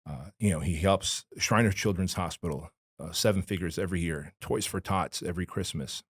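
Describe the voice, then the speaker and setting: A man's voice: low voice, normal speed, breathy edge, no echo, clean studio sound. A man from Armenia, a podcast guest telling his personal story candidly, in a blunt, emphatic, slangy way. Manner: emphatic, blunt and slangy, addressing the host as dude and bro.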